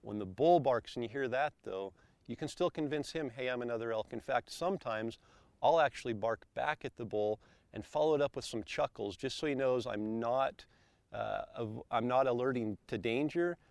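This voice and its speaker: A man calmly explaining elk calls step by step, as an instructor. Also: mid-range voice, normal speed, vocal fry, no echo. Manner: calm, methodical, explains step by step.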